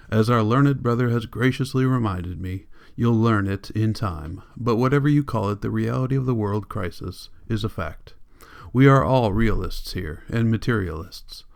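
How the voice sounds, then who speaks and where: A man's voice: lowish voice, vocal fry, a little mellow. A man reading an audiobook, voicing a cold, commanding political leader who lectures in an icy, insistent way.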